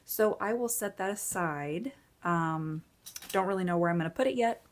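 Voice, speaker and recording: A woman in her forties, a budgeting vlogger, chats casually and cheerfully while counting cash into budget envelopes, though she's tired from little sleep. Her voice is lowish and moves at a normal speed.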